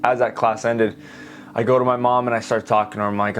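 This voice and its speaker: A man's voice: medium pitch, level tone, fast talker, fairly bright tone. Young guy, art teacher, talking to his viewers while he draws, earnest and emphatic, bit of faint hiss. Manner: emphatic, heartfelt, talks straight to viewers. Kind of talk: earnest storytelling while drawing.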